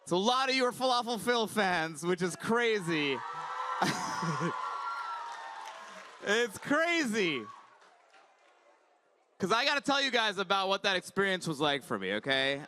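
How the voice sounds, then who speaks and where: A man's voice: high-pitched, big pitch swings, a little slow, long pauses, a crowd in the background, background noise. A man in his thirties doing a stand-up comedy set on a conference stage, chatty and wry.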